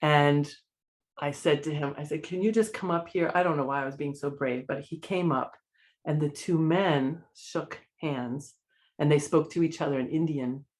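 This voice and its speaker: A woman's voice: low voice, normal speed. A woman, a podcast guest, telling a personal story in an earnest, emotional way and acting out the dialogue. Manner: earnest, emotional, lively retelling with quoted dialogue.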